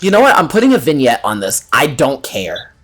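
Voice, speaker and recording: A man's voice: medium pitch, huge pitch swings, a little fast, fairly bright tone, slight background noise. A man acting as game master in casual chat before a session, laughing often and swearing freely.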